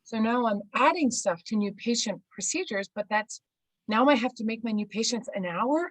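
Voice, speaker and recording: Animated woman venting on a dry call. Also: fairly high pitch, moderate pace, no echo, low-quality recording. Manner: animated, venting, acts out quotes. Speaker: clinic owner. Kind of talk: casual chat. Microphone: video call.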